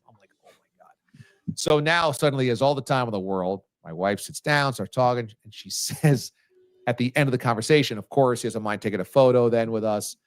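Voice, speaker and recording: A male sports radio host telling stories casually, animated and teasing, with sudden jumps in his voice. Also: mid-range voice, no echo, clean studio sound. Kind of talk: casual storytelling on a sports talk show.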